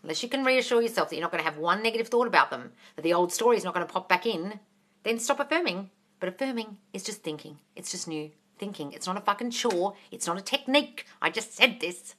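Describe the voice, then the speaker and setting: A manifestation coach hosts a casual livestream Q&A, reading viewer comments aloud in a bright, medium-pitched voice and answering fast and expressively. She's blunt and swears often, yet affectionate, calling viewers darling.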